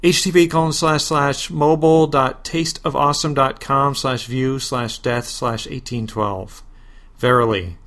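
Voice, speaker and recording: A man hosting a podcast, reading a parody superhero story in a deadpan way, flatly spelling out web addresses and asides. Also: medium pitch, measured pace. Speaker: podcast host.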